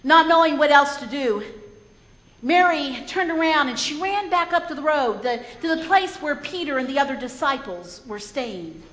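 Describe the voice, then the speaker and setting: A woman's voice: sits high, animated, normal speed, a bit bright. A woman preacher retelling a story in a sermon, earnest and reflective, often repeating words as she goes. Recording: echoey hall.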